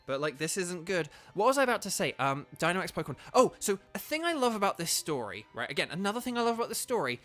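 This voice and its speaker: A man's voice: high voice, sing-song, fast, hardly any pauses, a bit bright. Enthusiastic man streaming a game. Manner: enthusiastic, rambling, lots of "like". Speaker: gaming streamer and voice actor. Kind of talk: casual gameplay commentary.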